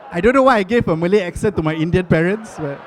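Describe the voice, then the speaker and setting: A man with a Singaporean accent performing a stand-up comedy set, chatty and animated, repeating lines for effect. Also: sits high, fast, slight background noise. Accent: Singaporean English. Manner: animated, chatty, rhetorical repetition.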